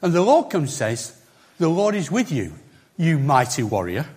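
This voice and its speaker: A man's voice: fairly high pitch, big pitch swings, moderate pace, a little mellow, breathy edge. A man preaching a sermon in a conversational, emphatic way, with chatty asides to the congregation.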